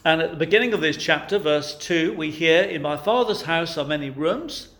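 A man delivers a sermon in a slightly higher-than-average voice. He questions his listeners rhetorically and presses each point with firm emphasis. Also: lively intonation, moderate pace, a bit bright. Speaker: preacher.

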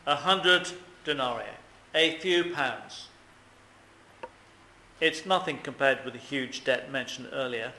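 A man's voice: mid-range voice, slow, long pauses, sharp tone, reverberant, slight background noise, rough recording. A man preaching a sermon, earnest and emphatic, often asking questions of his listeners.

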